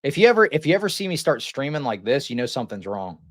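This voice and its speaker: A man's voice: mid-range voice, sing-song, quick pace, no echo, studio quality. A man streaming live, commenting in a rambling, mocking way with lots of restarts and chuckles.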